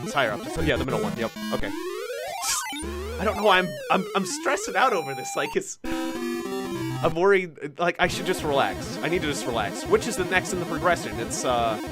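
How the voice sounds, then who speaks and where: Guy streaming a retro game, kinda high voice, stumbles over his words a lot, game music going behind him. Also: big pitch swings, normal speed. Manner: nervous, self-mocking, stammering restarts. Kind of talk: live gameplay commentary.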